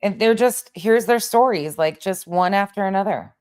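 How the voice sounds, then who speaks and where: A woman's voice: medium pitch, normal speed, darkish tone, clean tone. A woman hosting a livestream commentary, frustrated and searching for words. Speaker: commentary host.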